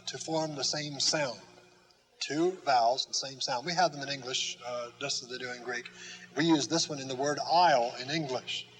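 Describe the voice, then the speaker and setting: A man's voice: medium pitch, rough recording. Patient man teaching letter sounds. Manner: slow, patient, with many fillers and restarts; demonstrates sounds and letter strokes. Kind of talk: classroom lesson.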